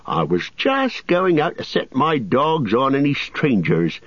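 A man reading aloud voices a gruff but hearty hobbit farmer with a loud, rustic, exclamatory manner. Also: mid-range voice, very animated, measured pace, no echo, dull audio, pitched above the performer's own voice, exaggerated voice.

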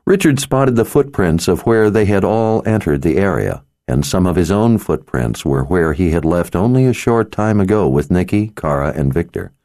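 A man narrating an audiobook with a very deep, dark voice. He reads in an even, measured, dramatic style. The studio recording is close and dry. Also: no echo. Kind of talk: scripted narration.

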